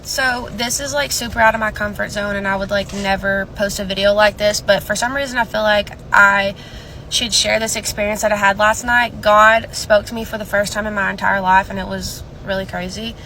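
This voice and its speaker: A woman telling a personal testimony in a quiet, hushed and earnest way. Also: mid-range voice, fairly even intonation, fairly quick, slight background noise, low-quality recording.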